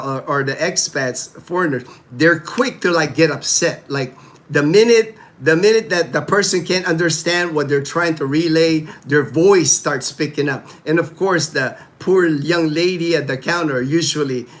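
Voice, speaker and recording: A middle-aged man hosts a casual livestream from his home. His voice sits a little high, and he talks in a loose, rambling way, leaning on "you know" and restarting his sentences. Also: moderate pace. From Philippines. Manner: rambling, animated, many "you know" fillers. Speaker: livestream host. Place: home in the Philippines.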